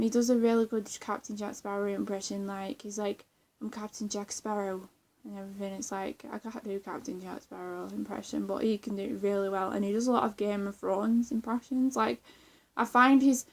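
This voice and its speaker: A young woman chatting casually in a vlog, rambling with lots of fillers, restarts and giggles. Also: mid-range voice. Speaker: vlogger. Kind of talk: casual chat.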